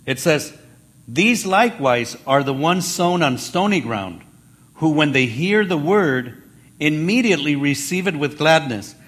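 Guy preaching from the bible, kinda high voice, chatty, acts out voices with big pitch jumps. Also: animated, unhurried, fairly bright tone. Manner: conversational with fillers and restarts. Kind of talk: Bible teaching sermon.

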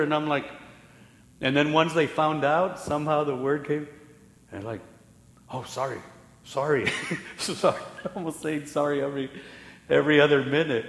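A man preaching a sermon as pastor, telling the story with lively acted-out voices and laughing at himself now and then. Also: a little high. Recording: echoey hall with long reverb.

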